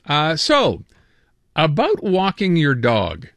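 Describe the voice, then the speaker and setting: Joking radio host man, bright voice. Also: fairly high pitch, huge pitch swings, slow, vocal fry, dry recording, studio quality. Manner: chatty, joking, stumbles over words. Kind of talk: casual talk radio banter.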